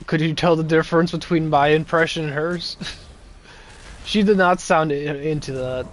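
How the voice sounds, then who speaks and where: A man's voice: fairly high pitch, fairly even intonation, moderate pace. A young man giving casual, rambling gameplay commentary with sarcastic asides and chuckles. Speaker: gameplay streamer.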